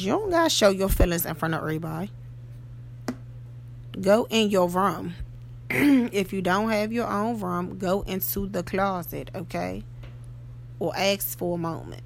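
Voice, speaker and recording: Gravelly woman giving an emphatic pep talk. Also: fairly low pitch, a little hiss or hum. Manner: emphatic, keeps asking "okay?" and "you know?". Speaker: podcast host. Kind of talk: motivational monologue.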